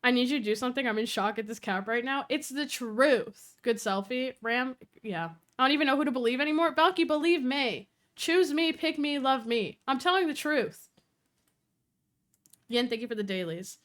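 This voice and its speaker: Animated high bright young woman streamer. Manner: animated, swearing, quick storytelling with quoted voices. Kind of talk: casual live-stream chat.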